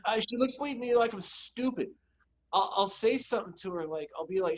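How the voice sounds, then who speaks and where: A man's voice: high voice, brisk, highs cut off, a little hiss or hum. Exasperated man telling stories at home. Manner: animated storytelling, exasperated. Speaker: podcast co-host. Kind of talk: casual chat. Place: at home, noisy yard work outside. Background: lawn mowing and sprinkler work.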